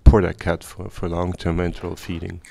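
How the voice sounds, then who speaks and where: A man with a gravelly voice answering audience questions at a medical talk, hesitant, in slightly non-native phrasing. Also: low voice, completely flat delivery, brisk, mellow. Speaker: medical speaker.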